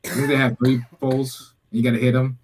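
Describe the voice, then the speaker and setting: Male podcast co-host, casual crude storyteller, mid-pitched, recaps scenes in character voices. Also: flat delivery, quick pace, darkish tone, slight background noise. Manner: crude, rambling, acts out scenes in quoted voices. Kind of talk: casual movie review chat.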